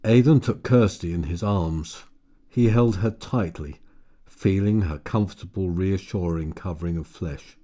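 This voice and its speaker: A man reading a novel aloud in measured, quiet scripted narration. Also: sits low. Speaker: audiobook narrator.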